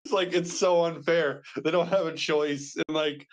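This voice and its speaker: A man's voice: fairly high pitch, fairly even intonation, moderate pace. A young man and father talking casually as a podcast guest, brash and boastful, swearing freely. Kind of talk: casual chat.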